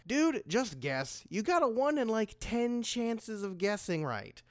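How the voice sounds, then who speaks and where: A man's voice: high voice, very animated, measured pace. A man voicing a goofy male skeleton sidekick who jokes in a laid-back, careless way. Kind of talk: comedy voice acting.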